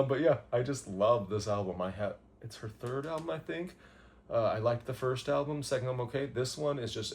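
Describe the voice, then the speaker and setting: A man's voice: mid-range voice, a little mellow, slight background noise. Rambling man gushing about albums. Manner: rambling, gushing, many fillers and chuckles. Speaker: music vlogger. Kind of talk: casual album countdown.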